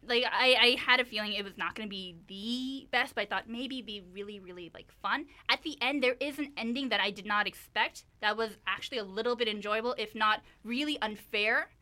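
Barely pausing, a podcast co-host rattles on about a film she saw in a fairly high voice at a slightly fast clip. She's casual and animated, with "like" and "you know" scattered throughout.

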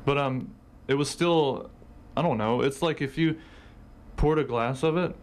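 A man's voice: medium pitch, unhurried. Young guy from alabama rambling on a radio show, lots of ums, faint hiss behind. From Alabama, USA. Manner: hesitant, rambling, full of fillers. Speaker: guest, animation student. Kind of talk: casual radio chat.

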